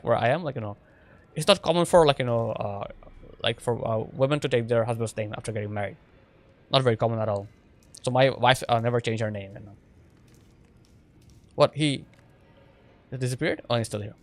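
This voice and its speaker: A game streamer gives casual, chatty gameplay commentary, rambling with plenty of fillers. His voice sits in the mid range, and the recording is dry.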